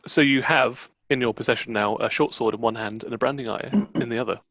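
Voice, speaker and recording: A relaxed, chatty man guides his players through a tabletop adventure as dungeon master. His voice sits at a middle pitch, and the recording is dry and close, with no room echo. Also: fast. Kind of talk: running a tabletop game.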